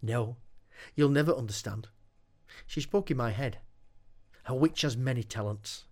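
A man voicing a calm, seductive witch. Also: medium pitch, measured pace.

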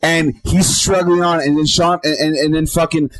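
A man co-hosting a podcast, telling stories in excitable casual chat and swearing freely. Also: fairly high pitch, normal speed. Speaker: podcast co-host.

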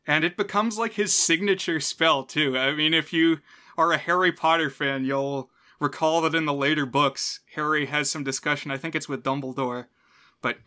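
A man co-hosting a podcast, talking casually in an upbeat, joking way with quick asides. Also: fairly high pitch, fairly even intonation, pushed and bright. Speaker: podcast co-host. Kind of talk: casual chat.

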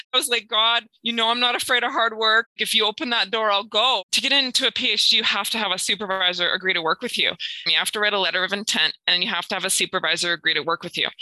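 A woman's voice: medium pitch, no echo, low-quality recording. A woman, a guest sharing her faith testimony and acting out the people in it. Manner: lively, acts out quotes with laughs and sighs. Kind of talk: personal storytelling in an interview.

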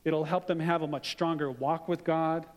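A middle-aged pastor with a fairly high voice preaches conversationally at normal speed and with fairly even intonation, weaving scripture together with stories about his family. A hall's long reverb surrounds his voice.

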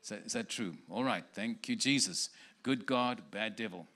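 A man's voice: lowish voice, normal speed, a bit bright, a little hiss or hum. A man preaching as a guest in a church, giving prophetic words to people in the congregation one by one and joking with them.

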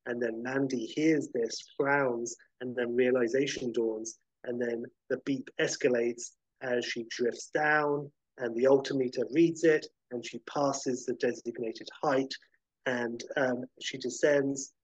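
Rambling man pitching a movie. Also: fairly even intonation, unhurried, no echo, dull audio. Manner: rambling, with many fillers. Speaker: podcast film pitcher. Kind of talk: casual storytelling pitch.

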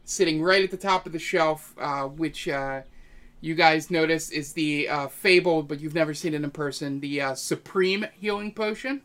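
A man's voice: fairly high pitch, normal speed, a bit bright. A young man narrating as game master of a tabletop game, speaking hesitantly with many fillers. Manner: hesitant, many ums and uhs.

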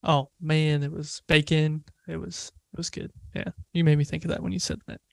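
A man co-hosting a podcast, telling a food story in a relaxed, casual way. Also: fairly high pitch, moderate pace, vocal fry, dry recording. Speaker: podcast co-host. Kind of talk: casual chat.

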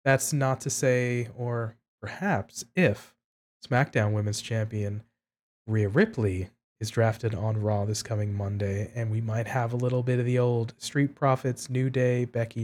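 A man co-hosting a wrestling podcast, talking in a measured way and thinking aloud in casual chat. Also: mid-range voice, darkish tone. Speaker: podcast co-host.

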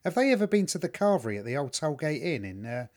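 Comedian guy, kinda high voice, swings up and down, jokey chat. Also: quick pace. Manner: lively, jokey, self-mocking. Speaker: comedian and podcast co-host. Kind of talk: casual chat.

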